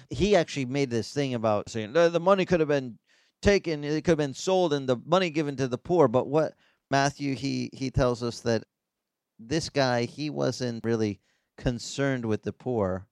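A man, a pastor, preaching a sermon with animated delivery and sudden leaps in pitch. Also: no room sound, clean studio sound.

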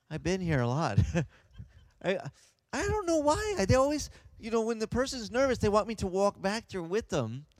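A man who is a pastor, telling a lively personal story and acting out the voices of the people in it. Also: sits high, no room sound. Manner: animated, acts out voices of others. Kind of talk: storytelling anecdote.

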